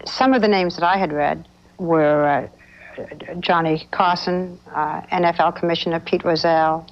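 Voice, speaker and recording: A woman's voice: fairly low pitch, steady tone, moderate pace. Woman TV reporter, muffled broadcast sound. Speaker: TV news correspondent. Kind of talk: news report narration and interviewing. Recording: dull lo-fi 1980s TV audio with faint noise.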